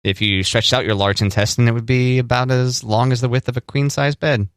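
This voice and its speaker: A man's voice: mid-range voice, steady tone, a little fast, smooth, no room sound, studio quality. A man co-hosting a casual podcast, teasing and joking with his co-host. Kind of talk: casual chat.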